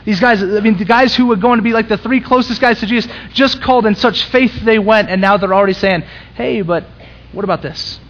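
A man's voice: sits high, fairly even intonation, fast, few pauses, fairly bright tone, lo-fi sound, slight background noise. A young man preaching a conversational, emphatic sermon in a church, rising to intense peaks. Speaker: pastor.

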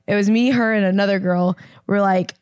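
A woman's voice: medium pitch, fairly even intonation, brisk, darkish tone, clean tone, dry recording, studio quality. A woman in her twenties from Indiana, chatting casually as a podcast co-host and telling a story with lots of fillers and swearing. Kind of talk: casual chat.

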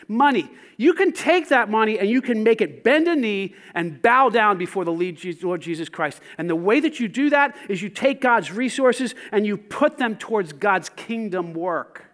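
A man preaching a sermon as pastor, swinging between loud calls and hushed asides. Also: high-pitched.

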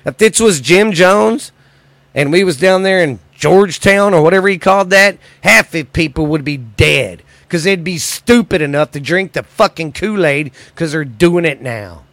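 A man hosting a podcast, ranting in a profane, agitated way that swings between loud and quiet. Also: fairly high pitch, lively intonation, moderate pace, no room sound. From United States. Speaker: podcast host. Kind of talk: angry solo podcast rant.

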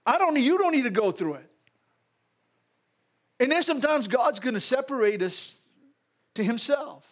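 A male pastor with a Louisiana Southern accent delivers a sermon in church, with animated call-outs and laughing asides to the congregation. His voice is very high-pitched and his pace moderate.

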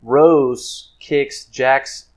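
A man's voice: medium pitch, fairly even intonation, drawn-out words, rough recording. A man co-hosting a podcast, talking casually with mock-dramatic, playful complaints. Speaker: podcast co-host. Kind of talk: casual chat.

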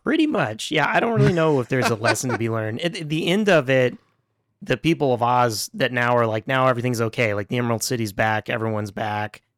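A man chatting casually as a podcast co-host, rambling along with frequent laughs and plenty of swearing. His voice sits at an everyday middle pitch. The sound is close and dry, with no room around it. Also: lively intonation, a little fast, a bit bright, no echo. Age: adult with children. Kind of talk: casual chat reviewing a film.

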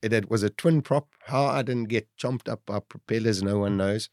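A middle-aged man vividly telling his own survival story, with animated storytelling that rises at the dramatic moments. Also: on the low side, moderate pace, no echo, studio quality. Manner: vivid, lively retelling, rising to shouts at dramatic moments. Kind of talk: animated first-person storytelling.

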